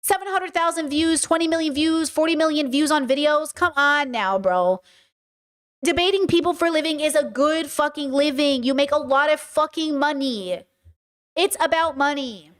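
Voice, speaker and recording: A woman from Southern California hosting her podcast, delivering blunt, fast commentary that slips into swearing rants. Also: sits high, fairly bright tone. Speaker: podcast host. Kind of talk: casual commentary.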